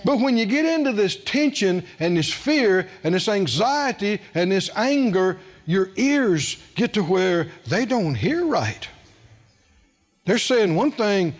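A middle-aged man preaching a sermon and telling a personal story, animated and asking the congregation questions. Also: high voice.

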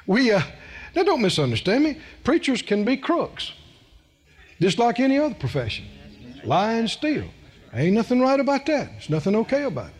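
A man's voice: very high-pitched, big pitch swings, moderate pace, husky. A middle-aged man preaching a sermon in a folksy, emphatic way, repeating phrases for stress.

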